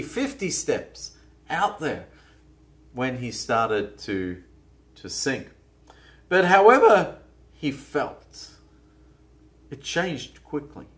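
A man's voice: on the high side, a bit bright. A man preaching a sermon in a conversational, musing way, often restarting his phrases. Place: church.

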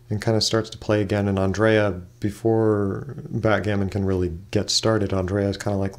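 A man's voice: lowish voice, fairly even intonation, normal speed, darkish tone. A man narrating a role-play game casually as game master, in a loose, hesitant way. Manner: loose, hesitant, full of "kinda like".

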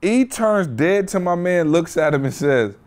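A man's voice: high voice, expressive, measured pace, a little mellow. A man hosting a podcast, telling a story in casual, slangy chat. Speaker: podcast host.

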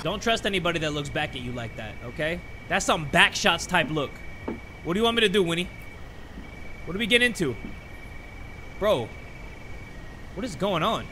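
A young man hosting a horror game let's play, joking and swinging from loud outbursts to quiet muttering. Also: fairly high pitch, lively intonation, normal speed, pauses often, noisy background. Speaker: gaming YouTuber.

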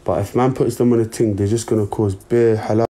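Young man, livestream chat, slangy and laid-back, mellow dark voice, phone mic. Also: fairly low pitch, fairly even intonation, brisk.

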